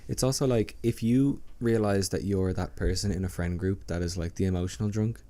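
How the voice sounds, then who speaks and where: Laid-back young Irish man, mellow low voice. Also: fairly even intonation, brisk. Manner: laid-back, short agreeing replies. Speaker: podcast co-host. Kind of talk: casual chat.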